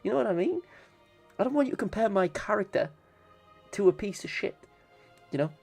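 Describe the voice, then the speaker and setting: A man's voice: high voice, lively intonation, brisk, gravelly, a little mellow, faint music behind. A man streaming casually, swearing and bantering with his chat.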